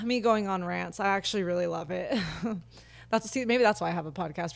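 A woman's voice: lowish voice, gravelly. A woman in her twenties hosting her own podcast from her living room couch, chatting casually and ranting candidly with lots of fillers. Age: 20s. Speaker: podcast host. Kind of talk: casual solo podcast chat.

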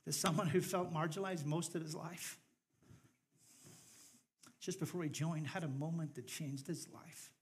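Northern Irish male preacher, middle-aged, slightly high voice, jokey storytelling turning fervent. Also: steady tone, moderate pace, pauses often. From Northern Ireland. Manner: humorous storytelling, rising to fervent appeal. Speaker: pastor. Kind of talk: sermon.

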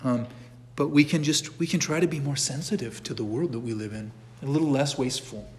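A middle-aged man teaching a catechism class in a church, speaking at an everyday pitch. He talks conversationally, often breaks off to restart a sentence, and drops in casual asides. His voice carries a long echo from the church hall. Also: a little fast. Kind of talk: informal church class lecture.

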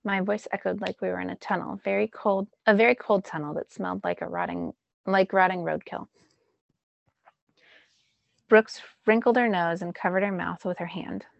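Teacher reading a novel aloud, gravelly, dry close sound. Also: female voice, mid-range voice, normal speed, no echo, lo-fi sound. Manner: first-person narration with lively emphasis.

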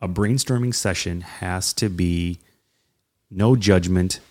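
A man co-hosting a casual talk on leadership, animated and often acting out what people say. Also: low-pitched, takes it slowly. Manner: animated, acts out quoted voices. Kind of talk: casual conversation about leadership.

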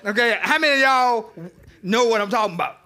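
A man preaching a lively, conversational sermon to a congregation, joking with the crowd as he teaches. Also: very high voice, brisk. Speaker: pastor. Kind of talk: interactive sermon. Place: church with live congregation.

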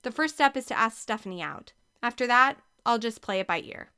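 A woman's voice: a little high, animated, a little fast, sharp tone, clean tone. A woman voicing Kevin, a nervous divorced professor who talks hesitantly and defensively.

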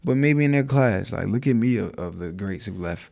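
A man's voice: fairly low pitch, lively intonation, moderate pace, gravelly, a little mellow. A man from Newark, New Jersey, a podcast guest talking reflectively in casual chat. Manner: reflective, many fillers and restarts.

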